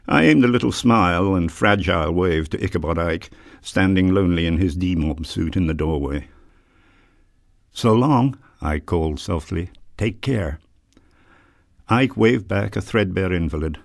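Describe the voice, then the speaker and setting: A man reading his own literary memoir aloud in a measured, dramatic way. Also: deep voice, vocal fry, no echo, clean studio sound.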